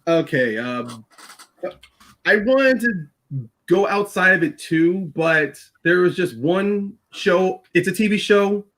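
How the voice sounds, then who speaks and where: A man on a casual group podcast, talking in an animated way with quick asides and laughter. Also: high-pitched, low-quality recording. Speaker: podcast panelist.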